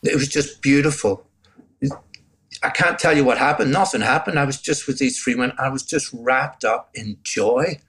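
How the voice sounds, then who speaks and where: A Northern Irish man in his sixties, speaking in a husky mid-range voice at a moderate pace, shares his faith story as an interview guest. His testimony is reflective and emotional: he gets choked up at moments and laughs softly.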